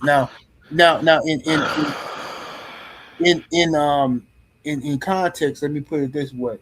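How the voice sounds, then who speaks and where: A middle-aged man on a podcast panel tells a story casually, in a blunt, profane and animated way, often restarting his sentences. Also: on the high side, slow, pauses often, a little hiss or hum.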